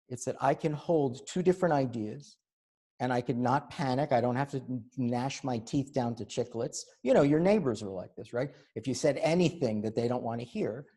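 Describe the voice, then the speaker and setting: Middle-aged guy doing an author talk, low mellow husky voice, sarcastic, chuckles a lot. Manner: emphatic, sarcastic, laughs between points. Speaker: author giving a book talk. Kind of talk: animated public talk.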